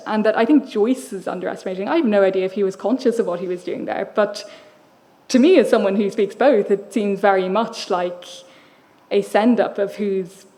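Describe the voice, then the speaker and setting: A woman's voice: mid-range voice, darkish tone. A young Irish woman novelist with an Irish accent giving a public literary lecture in a thoughtful, wry way. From Ireland. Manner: thoughtful, wry, asides and self-corrections.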